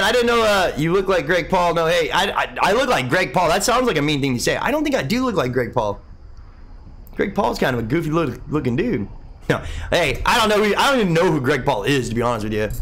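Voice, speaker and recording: A man's voice: a little high, a bit bright. A young man hosting a live game stream, casually rambling as he reads and answers viewer comments. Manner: laid-back, rambling, says "man" a lot. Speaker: livestream host.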